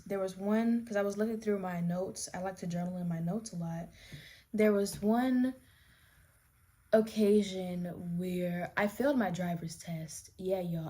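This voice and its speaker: In a warm, mid-range voice, a young woman applies her makeup and rambles candidly through her story. The vlog is a relaxed get-ready-with-me chat, and she keeps starting her sentences over.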